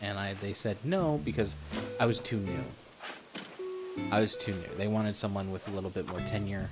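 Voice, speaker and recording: A man's voice: on the low side, moderate pace. A young man telling a story from his old job while streaming a game, rambling, swearing a lot and repeating himself. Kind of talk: casual storytelling while gaming. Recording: loud background music.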